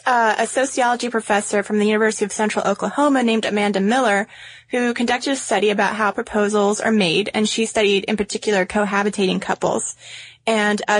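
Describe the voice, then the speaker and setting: A woman co-hosting a podcast in casual chat, relaxed and chatty. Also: medium pitch, no room sound. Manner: chatty, relaxed, many fillers. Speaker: podcast co-host.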